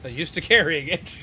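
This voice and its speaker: A man streaming a video game, talking casually and breaking into animated, profane shouted rants. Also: on the high side, slight background noise. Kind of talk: casual live-stream commentary.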